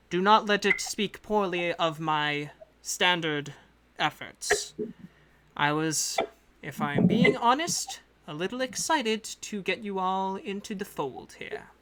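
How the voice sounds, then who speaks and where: A woman's voice: sits low, noisy background. A woman voicing a composed, secretive female patron who speaks formally with a put-on accent. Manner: formal, measured, polite speech in a put-on accent. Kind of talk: in-character tabletop narration.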